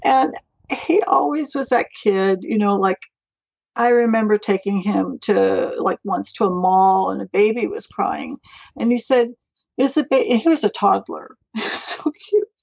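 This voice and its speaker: A middle-aged woman appears as a guest on a podcast, a mental health advocate telling stories in a warm, chatty, rambling way with laughs along the way. Her medium-pitched voice is gravelly and unhurried, recorded lo-fi with no room sound.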